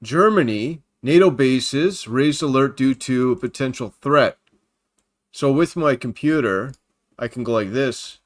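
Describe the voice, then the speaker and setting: Chatting into his computer microphone at home, a man from Canada hosts a Christian livestream, drifting through asides as he reads the news on his screen and names his viewers. His medium-pitched voice has lively intonation and runs a little slow.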